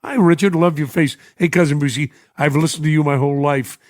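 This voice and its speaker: A man's voice: on the high side, fairly even intonation, a little fast, darkish tone, dry recording, clean studio sound. An older man with a New York accent, hosting a radio show and reading listener messages, emotional and chuckling often. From United States. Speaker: radio host. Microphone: studio microphone.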